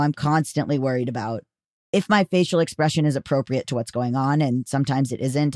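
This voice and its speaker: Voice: mid-range voice, a little mellow, no echo, studio quality. A podcast host chatting casually and reading listener mail, rambling and self-deprecating with frequent restarts. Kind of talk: casual solo podcast talk.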